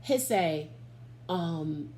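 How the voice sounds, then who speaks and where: A middle-aged woman giving an animated, expressive testimony as an interview guest, acting out the quotes in her story. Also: lowish voice, drawn-out words. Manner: Southern Black church vernacular, expressive, acts out quotes.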